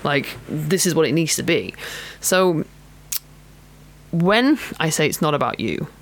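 A woman's voice: low-pitched, very animated, unhurried. A chatty woman talks straight to her listeners as a pole dance coach and podcast host. She is frank and easygoing, breaks into self-mocking laughs, and fills her sentences with ums and likes. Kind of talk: casual solo podcast talk.

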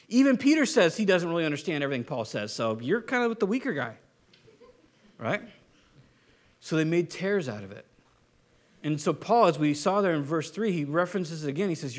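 A man preaching a casual, joking sermon as a pastor, with animated delivery and frequent restarts. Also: a little high, brisk, pauses often. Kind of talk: conversational Bible teaching sermon.

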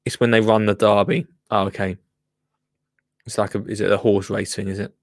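A man's voice: on the low side, little pitch movement, a little fast, gravelly, long pauses, dry recording, clean studio sound. A man chatting casually as he reacts to a gardening clip, jokey and rambling with many asides. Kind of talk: casual chat commentary.

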